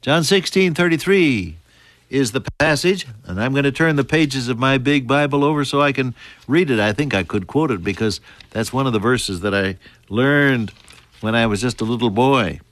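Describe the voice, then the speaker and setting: An older man preaching a sermon, earnest, dropping to a hush and then rising to emphatic peaks. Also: medium pitch, moderate pace, no echo.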